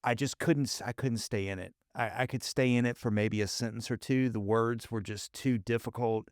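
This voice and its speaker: A man's voice: medium pitch, steady tone, normal speed, darkish tone, no echo, clean studio sound. A man from the Southern United States with a faint Southern accent, hosting a podcast and telling easygoing stories. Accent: faint Southern American. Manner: easygoing, anecdotal storytelling. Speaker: podcast host. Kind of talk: casual podcast conversation.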